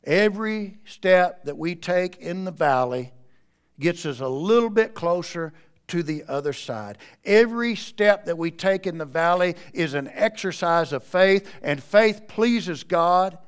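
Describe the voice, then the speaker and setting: A pastor preaching to his church, his voice smooth and resonant and sitting a little high for a man. He drops to near-hushed lines and then builds to loud, driving appeals. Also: expressive, unhurried. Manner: preaching with wide swings between quiet and loud. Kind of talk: sermon.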